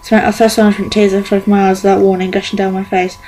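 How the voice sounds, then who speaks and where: A woman's voice: medium pitch, fast, slight background noise, low-quality recording. A woman reading a novel aloud in an amateur audiobook, stumbling and correcting herself often. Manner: monotone reading with frequent stumbles and self-corrections. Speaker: fan audiobook reader.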